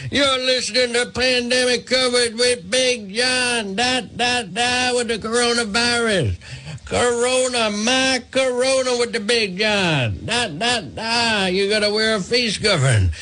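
A man putting on the voice of a boisterous male radio character, scatting a sing-song jingle in a high, strained voice. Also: a little slow, pushed and bright, exaggerated voice. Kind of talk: talk radio bit.

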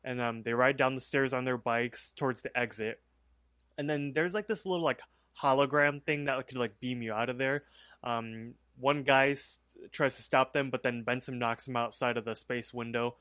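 Male podcast co-host, mid-pitched and casual, rambling recap delivery, dry close sound. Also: fairly even intonation, moderate pace, fairly bright tone, no room sound. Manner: rambling retelling full of "like" and "um".

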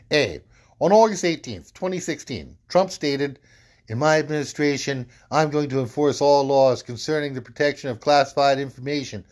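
A man hosting a podcast, reading a legal document aloud and breaking off for wry, sarcastic asides. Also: medium pitch. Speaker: podcast host.

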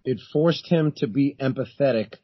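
A man hosting a podcast, summing up the guest's points in a measured way. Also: medium pitch, dry recording, dull audio. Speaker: podcast host. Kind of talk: podcast interview.

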